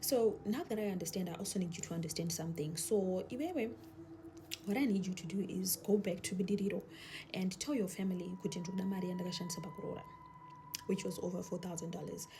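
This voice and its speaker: A woman doing a quiet, cold Zimbabwean husband. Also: on the low side, big pitch swings, fast, background noise. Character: calm but cold, demanding adult husband.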